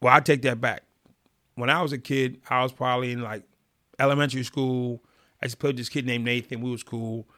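A man's voice: medium pitch, steady tone, brisk, sharp tone. A man guest in a casual interview, telling vivid stories and acting out quotes. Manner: vivid storyteller, acts out quotes. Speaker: guest, former prisoner.

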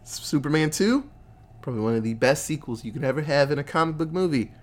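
A man in his thirties chatting casually about movies, animated and profane, jumping into character voices. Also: quick pace. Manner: animated, profane, acts out characters with big pitch jumps. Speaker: podcast co-host. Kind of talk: casual movie review chat.

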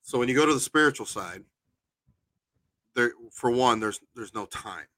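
A man co-hosting a podcast, a paranormal investigator chatting casually, animated and telling anecdotes with a swear now and then. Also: medium pitch, normal speed, no echo.

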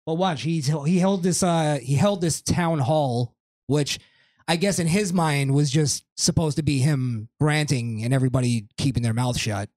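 A man's voice: on the high side, moderate pace. A man hosting a podcast in casual chat, ranting with lots of swearing. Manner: animated, profane ranting. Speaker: podcast host.

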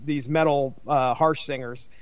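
A man's voice: mid-range voice, fairly even intonation, a little slow, muffled recording. A man co-hosting a podcast, enthusiastic and profane in casual chat. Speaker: podcast co-host.

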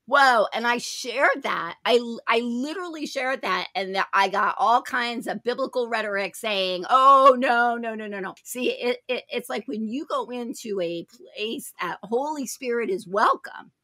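A woman hosting a faith talk show, telling spiritual stories in an emphatic way, jumping into loud, high voices when she quotes people. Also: lively intonation, normal speed, hardly any pauses, dry recording, studio quality. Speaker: host. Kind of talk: animated charismatic testimony chat.

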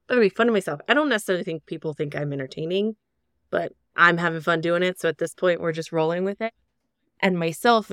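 A woman co-hosting a podcast in casual chat, excitable and animated as she talks. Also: fairly low pitch, creaky, clear, resonant tone, no echo, clean studio sound. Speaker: podcast co-host.

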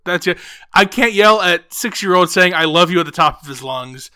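A man chatting casually on a podcast, his voice sitting a little high with a bright, forceful edge. He restarts and corrects himself often and gets animated telling stories. The sound is close and dry. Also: normal speed, clean tone, no echo. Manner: rambling, self-correcting, animated. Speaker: podcast co-host. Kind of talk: casual chat.

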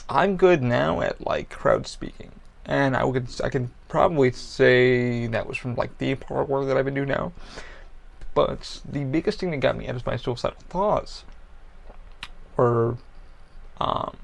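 A man in a middle voice range, gravelly with a rough fry at the ends of phrases. He hosts a personal podcast and talks bluntly and profanely, circling back and restarting his sentences as he goes. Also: mid-range voice. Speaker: podcast host. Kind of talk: candid personal podcast monologue.

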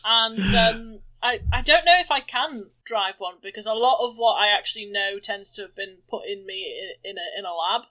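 A woman's voice: mid-range voice, normal speed, hardly any pauses, bright, forceful tone, rough recording. A woman playing a tabletop game, giggly and hesitant, chatting casually. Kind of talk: casual play talk.

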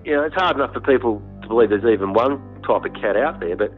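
An Australian hunter telling a story in an interview, blunt and animated, with frequent fillers. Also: male voice, medium pitch, quick pace. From Western Australia. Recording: tinny phone-like sound, faint music.

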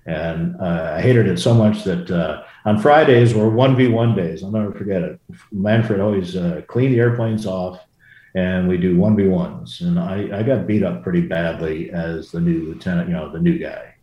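A man's voice: low voice, moderate pace, mellow, echoey room, highs cut off. A middle-aged man, a former fighter pilot, telling rambling anecdotes in a casual interview and correcting himself as he goes. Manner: rambling, self-correcting anecdotes with quoted voices.

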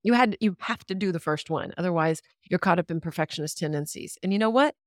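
A woman's voice: fairly low pitch, quick pace, dry recording, studio quality. A woman talking candidly on a podcast, ranting freely, laughing and swearing as she goes. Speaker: podcast guest. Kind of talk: casual podcast conversation.

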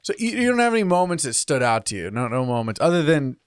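A man's voice: on the high side, very animated, quick pace, clean tone, dry recording, studio quality. A man in his thirties co-hosting a casual podcast chat, laughing often and acting out quotes in playful voices. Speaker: podcast co-host.

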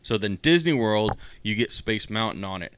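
A man co-hosting a casual chat, explaining points in a measured way with frequent fillers. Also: lowish voice, expressive, a bit bright, no room sound. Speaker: podcast co-host.

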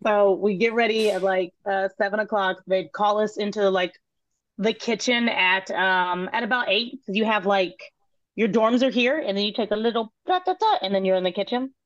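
A woman, a guest telling casual stories in an interview, animated and laughing, swearing and acting out quotes. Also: mid-range voice, moderate pace, no echo, lo-fi sound. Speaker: guest, former cooking show contestant.

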